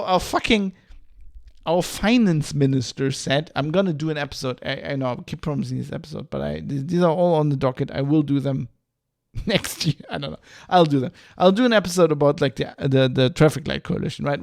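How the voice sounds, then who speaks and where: A man's voice: a little high, vocal fry, darkish tone. A man hosting a podcast livestream, ranting in a heated, profane, rambling way. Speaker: podcast host.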